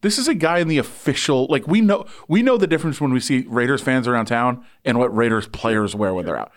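Fairly quick and mid-range in voice, this man, a sports reporter, spins a lengthy anecdote in casual chat. He's animated and does voices for the people in the story.

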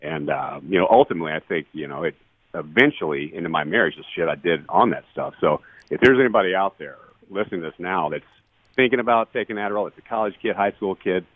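Deep-voiced, fast-talking man on a tinny line. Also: expressive, no echo. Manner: blunt, profane, earnest. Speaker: guest, retired baseball player. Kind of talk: candid podcast storytelling. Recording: dry, tinny phone-line sound.

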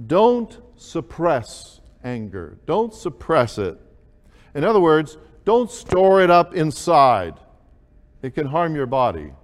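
A man preaching a sermon, slow and deliberate, with emphatic rises on key words. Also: fairly high pitch, in a large hall. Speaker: pastor.

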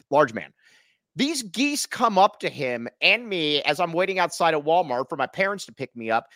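A male podcast host with a fairly high voice that swoops up and down as he teases his guest. His questions come in a joking, playful way, and his sound is dry and close. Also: bright, forceful tone, no echo. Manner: jokey, teasing interviewer with swooping pitch. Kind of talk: casual podcast chat.

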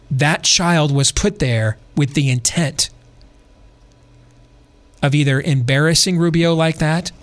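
Hosting a podcast, this middle-aged man speaks in a slightly high voice. His political commentary is impassioned and preachy, full of rhetorical questions.

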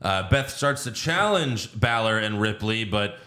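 Man, lively pitch, casual wrestling talk, swears and laughs, roomy echo. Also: measured pace. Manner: laughing, swearing, bursts into mock impressions. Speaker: podcast co-host. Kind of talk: casual wrestling recap chat.

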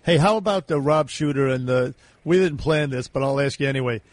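A man co-hosting a morning radio show, talking in a halting, hesitant way and easily grossed out. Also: mid-range voice, no room sound. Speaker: radio co-host.

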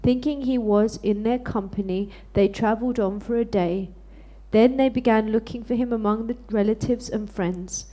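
A woman's voice: on the high side, moderate pace, mellow, low-quality recording. A woman reading a Bible passage aloud during a sermon and answering the preacher with amens. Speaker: congregation member reading scripture.

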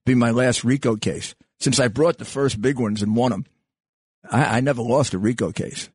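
Older guy on talk radio, husky voice, dry sound, kinda rambly and halting, lots of restarts. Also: medium pitch, darkish tone, dry recording. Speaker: radio talk show host. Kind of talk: casual talk radio monologue.

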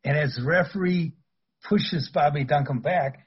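Husky older man telling stories. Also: on the high side, normal speed, muffled recording. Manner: rambling, anecdotal, laughs through stories. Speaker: guest, former wrestler. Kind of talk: casual storytelling interview.

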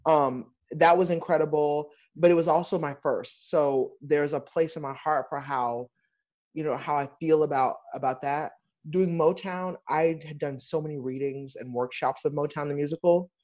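A man, a Broadway performer, chatting casually with an animated, emphatic way of telling stories. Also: on the high side, normal speed. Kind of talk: casual chat.

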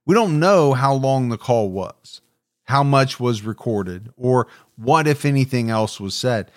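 A man hosting a true crime podcast, narrating and discussing the case in a steady, reflective way. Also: medium pitch, measured pace, no echo, studio quality. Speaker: podcast host.

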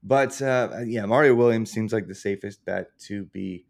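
A man with a low, gravelly voice co-hosting a sports podcast. He works through his football takes casually, stopping to restart with plenty of uhs. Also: moderate pace. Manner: hesitant, many uhs and restarts. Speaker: podcast co-host.

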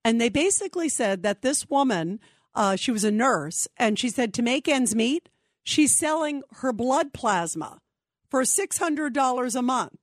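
A woman hosting talk radio, her voice a touch high and animated. She speaks with indignation and often restarts her sentences. The sound is close and dry from a studio mic. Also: measured pace, dry recording. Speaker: radio talk show host.

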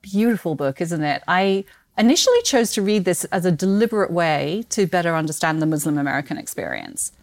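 A woman's voice: fairly low pitch, sing-song, brisk. British woman with an Australian twang. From Britain. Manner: enthusiastic storyteller, laughs often. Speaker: guest, book marketing executive. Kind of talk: casual podcast conversation.

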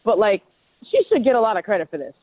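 A woman's voice: mid-range voice, big pitch swings, quick pace, no room sound. A woman calling in as a guest, chatting casually about sports in a persuasive way, with lots of "like" and "you know". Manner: chatty, filler-heavy, persuasive. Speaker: guest reporter. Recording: tinny phone line.

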